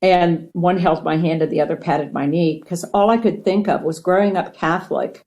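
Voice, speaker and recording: A woman from Ohio, a guest on mindfulness, teaching in a conversational way, earnest and animated, acting out little quotes as she explains. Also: fairly low pitch, normal speed. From Ohio, United States.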